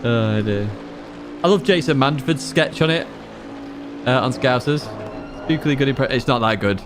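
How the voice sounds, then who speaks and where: This Blackpool, England native keeps up casual, wandering commentary on his racing-game livestream, reading messages from chat and laughing a lot. He speaks at a moderate pace in a medium pitch, with music and engine sounds in the background.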